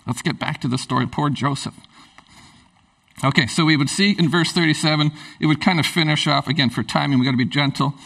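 A man's voice: a little high, fairly even intonation, fairly quick, creaky, a bit bright, far from the mic, rough recording. A man preaching a sermon in a conversational, emphatic way. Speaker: pastor.

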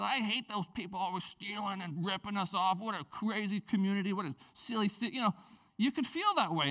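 Man, pastor, sermon, high voice, very lively pitch swings, joking asides. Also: gravelly. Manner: animated, joking asides and personal stories.

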